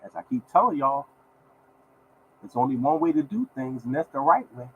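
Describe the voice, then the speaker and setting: A man's voice: mid-range voice, big pitch swings, moderate pace, narrow, tinny audio, slight background noise. A man hosting his own lottery podcast, talking in a repetitive, preachy way and scolding his listeners. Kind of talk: casual podcast rant.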